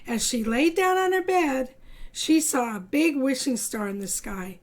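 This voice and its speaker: A woman teacher reads a picture-book story aloud to small children, then walks them through a drawing. Her voice sits high and bright, and she takes her time with every phrase in a sing-song, storybook way. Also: animated, unhurried. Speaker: kindergarten art teacher. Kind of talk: storybook reading and drawing lesson for young children.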